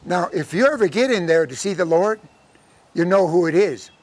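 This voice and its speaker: A man telling a traditional folk tale to a live audience, acting out the characters' lines in an animated way. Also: high-pitched, moderate pace, dry recording. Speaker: storyteller. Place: lecture audience setting.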